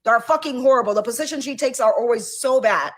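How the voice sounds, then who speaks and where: A woman's voice: fairly high pitch, fast. Woman ranting bluntly, swearing. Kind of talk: casual group call.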